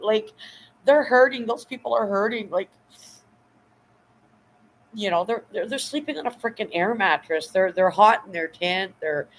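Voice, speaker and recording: A woman's voice: medium pitch, low-quality recording. A middle-aged woman hosting a casual livestream, emotional and effusive, rambling with fillers and thanking viewers often. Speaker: livestream host.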